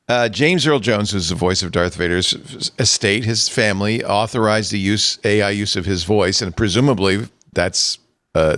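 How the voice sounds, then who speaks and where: A man hosting a casual tech podcast, lively and jokey with quick reactions. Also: fairly low pitch, no room sound, clean studio sound. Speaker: podcast host.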